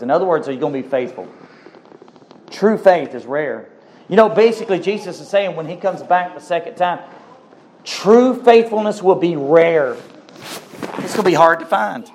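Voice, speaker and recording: A man's voice: a little high, moderate pace, a little hiss or hum. A middle-aged man preaching a sermon as pastor, pleading and swinging between rising and falling lines with repeated questions.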